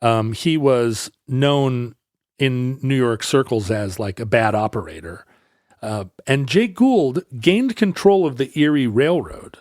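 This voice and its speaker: A man's voice: mid-range voice, animated, slow pace, darkish tone, no room sound, clean studio sound. A man co-hosting a podcast, telling a history story in casual chat, rambling and correcting himself, laughing easily.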